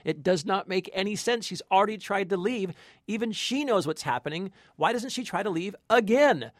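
A man's voice: sits high, expressive, normal speed, dry recording, studio quality. A man co-hosting a film review chat, emphatic and sardonic as he tears into a movie. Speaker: co-host.

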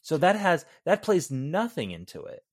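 A man's voice: a little high, wildly swooping pitch, moderate pace. Casual, profane male podcast co-host. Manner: loose, profane, conversational. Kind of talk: casual film review chat.

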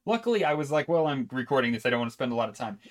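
A podcast co-host talks casually about video games, rambling, laughing, and constantly cutting himself off to start over. His medium-pitched voice swings widely in pitch, and he speaks very fast.

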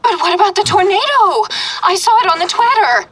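A fretful mother on the phone, played by a woman, fussing over her grown daughter in a comedy audio drama. Her voice sits very high and sounds bright and edgy. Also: animated, brisk, low-quality recording. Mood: worried. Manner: worried, fussing. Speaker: Sarah's mom.

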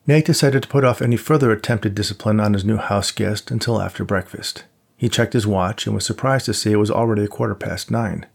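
Gravelly low-voiced man reading a novel. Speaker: audiobook narrator. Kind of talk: scripted narration.

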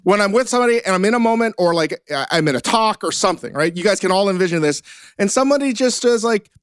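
A rambling, self-mocking American man hosting a podcast with casual swearing. His voice sits high, recorded close and dry. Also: animated, fast talker, clean tone, dry recording. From United States. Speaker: podcast host. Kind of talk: casual chat.

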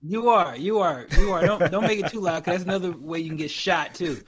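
A man's voice: high voice, slightly rough. A man co-hosting a podcast in casual chat, talking with many restarts and laughs. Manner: halting, lots of restarts and laughs. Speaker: podcast co-host.

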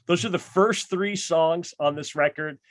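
Excitable man, dry close sound. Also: fairly high pitch, unhurried, dry recording. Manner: enthusiastic, rambling, lots of "like". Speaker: podcast host. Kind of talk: casual chat about music.

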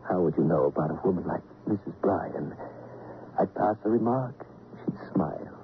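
Lonely bookseller, low voice that rises and falls, wistful, tinny radio. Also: male voice, normal speed, a little hiss or hum. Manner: musing, wistful, lively ups and downs. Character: wistful lonely middle-aged bookseller man. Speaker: lending library keeper. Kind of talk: 1950s radio drama acting. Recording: tinny old radio broadcast.

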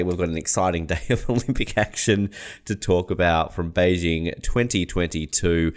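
A man's voice: deep voice, fairly even intonation, moderate pace. A man hosting a sports podcast, chatty and joking in casual talk. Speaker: podcast host.

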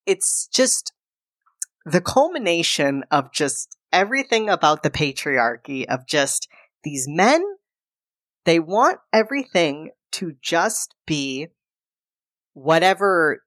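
A woman with a notably low voice chats through a movie plot for a podcast. She jumps into the characters' lines as she goes, and the sound is close and dry with no room echo. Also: takes it slowly, long pauses. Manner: animated retelling, acting out characters' lines. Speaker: podcast co-host. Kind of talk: casual film recap.

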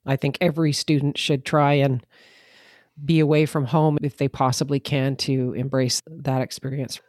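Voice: mid-range voice, little pitch movement, moderate pace, darkish tone, dry recording, clean studio sound. A host asking interview questions and reacting with short, encouraging exclamations.

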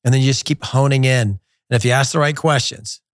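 A middle-aged man hosting a soccer show in a studio, talking in an animated, digressive and blunt way. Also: mid-range voice, a little fast, no room sound. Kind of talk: casual opinionated talk. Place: glass-walled studio in a resort. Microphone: studio mic.

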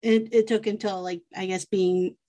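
A woman's voice: mid-range voice, little pitch movement, normal speed, mellow. A woman from the United States in a casual conversation, friendly and thoughtful, laughing often.

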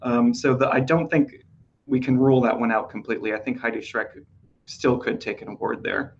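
A man's voice: mid-range voice, steady tone, a little fast, vocal fry, lo-fi sound, a little hiss or hum. A man hosting a casual awards-prediction podcast, talking chattily with fillers while losing his voice. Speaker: podcast host.

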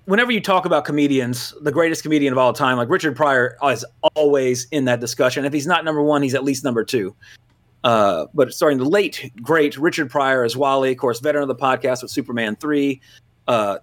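A man from Louisiana, hosting a movie podcast in loose casual chat, full of fillers and self-corrections. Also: medium pitch. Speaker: podcast host.

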